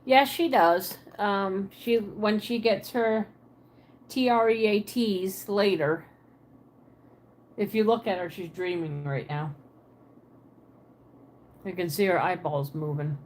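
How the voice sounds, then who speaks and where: In a mid-range voice that runs a little slow, a woman from Pennsylvania livestreams casually from her apartment. Her speech mixes a Pennsylvania Dutch accent with a Southern twang, and she replies aloud to her viewers' comments.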